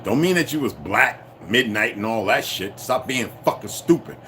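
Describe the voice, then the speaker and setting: A man ranting to his viewers in a profane, confrontational way, swinging between shouting and low muttering. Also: expressive, normal speed, slight background noise. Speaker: channel host. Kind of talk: unscripted rant to viewers.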